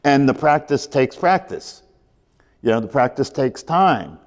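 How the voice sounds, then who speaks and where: A man's voice: mid-range voice, big pitch swings, unhurried. Man teaching meditation in a reverberant hall. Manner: repetitive, emphatic, asks rhetorical questions.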